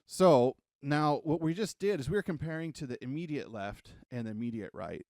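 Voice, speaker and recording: A man's voice: fairly high pitch, animated, normal speed, darkish tone, no echo, clean studio sound. A man giving a casual, joking coding lesson at a whiteboard, rambling into self-deprecating asides and sounding a little out of breath. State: a bit out of breath. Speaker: coding tutor.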